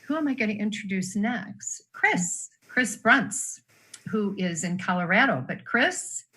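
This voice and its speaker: A woman's voice: medium pitch, expressive, normal speed, a bit bright, breathy edge. A woman hosting a group call, introducing guests with effusive enthusiasm. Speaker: call host.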